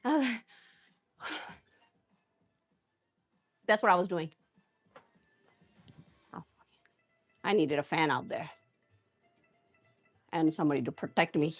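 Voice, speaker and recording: A woman's voice: low voice, expressive, slow, pauses often, faint music behind. A woman hosting a live cooking stream, chatting and rambling as she talks straight to her viewers. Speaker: cooking livestream host.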